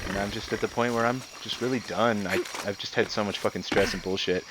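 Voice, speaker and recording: Over noisy live stream audio, a young adult man vents casually while gaming, telling a heated, profane story laced with "like" and "I'm like." He speaks fast in a lowish, steady voice.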